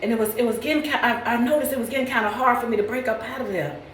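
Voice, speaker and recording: A tearful woman giving a preacherly testimony to camera, calling the listener "baby" and rising into near-shouting praise. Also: fairly high pitch, very fast, reverberant, distant mic, a little hiss or hum, rough recording.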